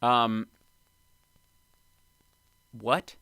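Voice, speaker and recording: A man hosting a live stream, reacting to clips with wry, excitable commentary. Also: mid-range voice, drawn-out words, vocal fry, a little hiss or hum. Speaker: host.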